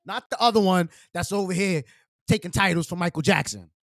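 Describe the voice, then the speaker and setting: A man hosting a casual livestream, talking in animated slang while eating. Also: sits high, fairly quick, dry recording, clean studio sound. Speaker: livestream host.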